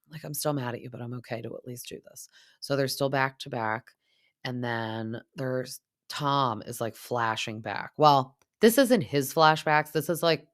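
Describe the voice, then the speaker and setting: A woman's voice: rumbling low, dry recording, studio quality. Chatty, gossipy woman podcast host. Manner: chatty, gossipy, heavy use of "like". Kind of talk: casual reality TV recap.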